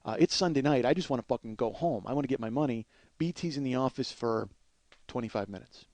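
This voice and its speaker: A man hosting a comedy podcast, telling a long rambling anecdote full of swearing and restarts, and doing quick voices of the people in it. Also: mid-range voice, darkish tone, no echo. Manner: mimics other people's voices. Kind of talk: storytelling monologue.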